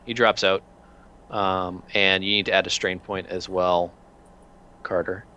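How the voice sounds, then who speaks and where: A man's voice: low voice, flat delivery, a little slow, bright, forceful tone, muffled recording, a little hiss or hum. A man narrating as game master of a tabletop role-playing game, loose and rambling, with many filler words.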